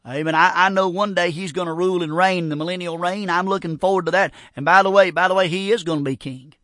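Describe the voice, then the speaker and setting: A man with a Southern accent from North Carolina preaching a fervent radio sermon, repeating himself and stumbling into quick restarts. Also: fairly high pitch, fairly bright tone, no room sound, clean studio sound. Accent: Southern American.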